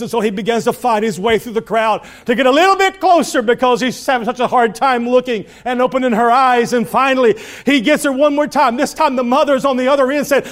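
Man, high voice, dramatic storytelling preacher. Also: brisk, few pauses. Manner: dramatic storytelling preacher, swings from hushed to loud. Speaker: pastor. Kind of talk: sermon.

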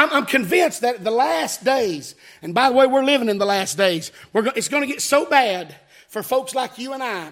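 Preacher man, real high husky voice, hollering and chanting hallelujahs at the church. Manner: shouted, chanting cadence with frequent hallelujahs; calls to the congregation. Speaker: pastor. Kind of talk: fiery revival sermon.

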